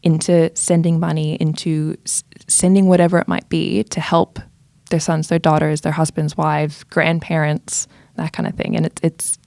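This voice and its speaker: Lively woman security expert. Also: deep voice, vocal fry, no room sound. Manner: animated, quick bursts of emphasis. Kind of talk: casual podcast chat.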